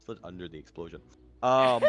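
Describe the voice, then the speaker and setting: A man running a tabletop game as game master, describing the action in a halting way with lots of fillers, over an online voice call. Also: low-pitched, expressive, fairly bright tone, soft background music.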